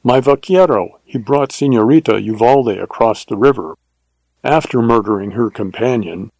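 Harsh, commanding bandit chief read by a man, gravelly, up close in an audiobook western. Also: mid-range voice, moderate pace, a little mellow, no room sound, close to an everyday voice, rough recording. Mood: questioning.

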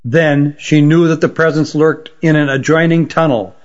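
A man reading a fantasy story aloud in measured, even scripted narration. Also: fairly high pitch. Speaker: audiobook narrator. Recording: dull lo-fi recording.

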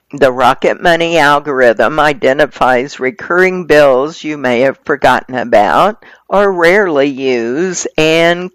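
A reader reading magazine articles aloud in a steady, measured way. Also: medium pitch, dry recording.

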